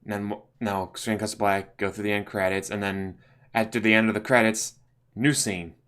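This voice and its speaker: A man's voice: fairly low pitch, steady tone, normal speed, a bit bright, clean tone. A man hosting a casual movie commentary, ranting bluntly, swearing and filling his talk with "like". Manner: blunt, ranting, profane, lots of fillers. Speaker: channel host.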